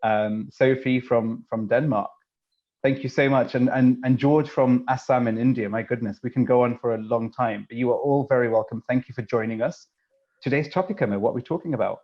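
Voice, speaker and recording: A man's voice: medium pitch, fairly quick, dull audio. A man hosting an online webinar, greeting attendees in a chatty way with many fillers and restarts. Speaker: webinar host. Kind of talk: casual live webinar hosting. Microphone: video call.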